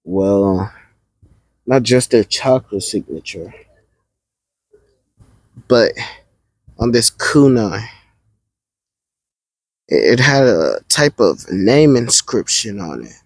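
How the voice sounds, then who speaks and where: A man voicing a calm, level-headed male ninja ally in an improvised fan story, speaking in a measured, reasoning way. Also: fairly low pitch, no echo, heavily acted, low-quality recording.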